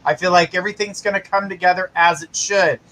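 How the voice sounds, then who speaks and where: Bright high-voiced man giving psychic readings. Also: steady tone, quick pace, rough recording. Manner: casual, reassuring, gives direct advice. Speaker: psychic host. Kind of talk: live-stream psychic reading.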